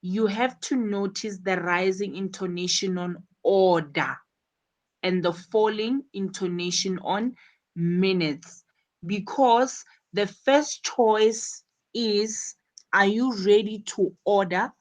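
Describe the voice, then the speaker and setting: A woman's voice: mid-range voice, slow, a little mellow. A woman teaching an English lesson, explaining step by step and repeating words as she goes. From South Africa.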